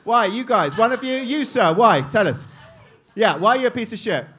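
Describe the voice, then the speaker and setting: A man hosting a live comedy show, teasing the audience with crude, quick-witted crowd work. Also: high-pitched, expressive, fairly bright tone, slightly rough. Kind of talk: crowd-work stand-up banter.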